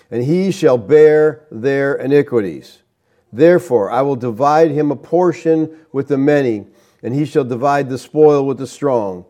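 A man preaches an expository sermon, reading scripture aloud in a measured, teaching style and stressing key words emphatically. His voice is mid-range and warm.

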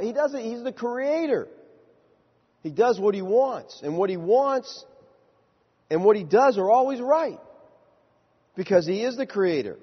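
Male pastor, sermon, emphatic, slightly high and husky, in an echoing hall. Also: animated, normal speed, long pauses. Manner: emphatic, rises in pitch to stress points. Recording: muffled sound with long hall reverb.

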